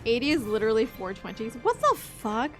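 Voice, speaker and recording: A woman's voice: fairly high pitch, big pitch swings, brisk, soft background music. A young woman streaming a game, chatting casually, joking, swearing freely and laughing often. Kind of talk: casual chat while gaming.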